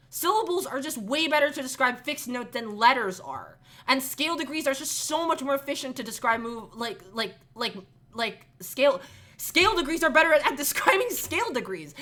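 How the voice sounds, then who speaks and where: A woman's voice: high voice, bright, forceful tone. A young woman giving a comedic, exasperated rant about music theory. She talks emphatically, sighs, and laughs at herself.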